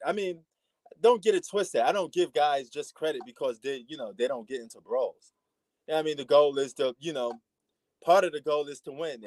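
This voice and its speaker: A man from New York with a New York accent, giving slangy, laid-back live commentary on a boxing match as a stream host. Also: medium pitch. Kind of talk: casual live fight commentary.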